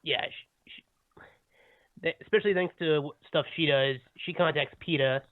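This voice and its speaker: Rambling podcast host on a tinny line. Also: male voice, fairly high pitch, normal speed, no echo. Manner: rambling, self-interrupting, chuckling. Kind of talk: casual chat. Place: home. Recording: tinny phone-like dry sound.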